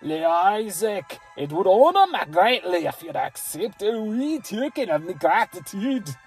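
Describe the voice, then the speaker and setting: A player voicing a pompous old lord from a fantasy game, with a deliberately bad mock burr and slow, drawn-out phrasing. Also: medium pitch, a little mellow, faint music behind, close to an everyday voice.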